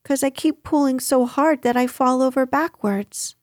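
Lady doing a little boy voice, higher, confident and kinda bossy, storybook read aloud. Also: fairly even intonation, normal speed, no room sound, studio quality, close to an everyday voice. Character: young boy, cheerful and a bit bossy.

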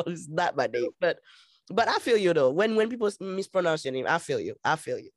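A woman's voice: lowish voice, big pitch swings, fairly quick, dry recording. A woman from Haiti in casual chat, speaking frankly, laughing often and restarting her sentences.

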